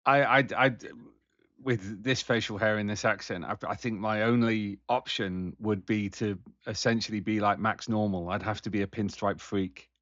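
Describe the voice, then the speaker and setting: A man's voice: fairly low pitch, fairly even intonation, normal speed, a bit bright, dry recording, lo-fi sound. A man co-hosting a casual podcast, rambling with lots of fillers and restarts. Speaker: podcast co-host.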